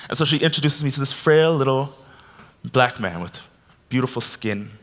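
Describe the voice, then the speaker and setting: A man from Canada giving a keynote speech, telling a personal story with animated delivery. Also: medium pitch, moderate pace. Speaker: keynote speaker. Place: convention hall.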